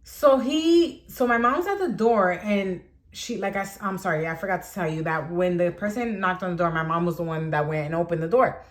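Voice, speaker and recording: A young adult woman vlogger telling a personal story in a casual, animated way, filling her talk with "like". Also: fairly low pitch, a little fast. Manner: chatty, animated, heavy use of "like".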